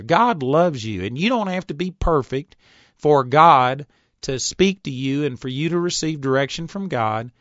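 A man in his fifties giving an earnest Bible teaching, reading scripture slowly and deliberately, on a recorded tape. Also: on the high side, a bit bright, no room sound. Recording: dull, dry tape recording.

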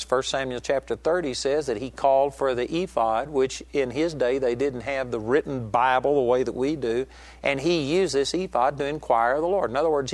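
A middle-aged man preaching a sermon with passion, climbing high to stress a point and slowing for weight, acting out the voices in a story he tells. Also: no echo. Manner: impassioned, rises sharply in pitch for emphasis, slows to stress lines; acts out quoted voices in retelling a story.

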